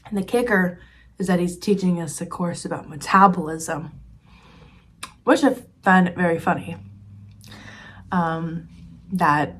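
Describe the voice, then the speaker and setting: A woman in her early twenties, a student vlogger, rambling in a chatty, confiding way and often dropping to a soft near-whisper. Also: lowish voice, unhurried, pauses often, slight background noise. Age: early 20s. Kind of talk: casual rambling vlog chat.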